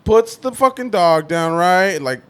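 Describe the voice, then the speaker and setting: A man's voice: high voice, lively intonation, unhurried, a bit bright, clean tone. A young man on a podcast, telling a story in casual chat, swearing and acting out the voices of the people in it. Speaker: podcast co-host.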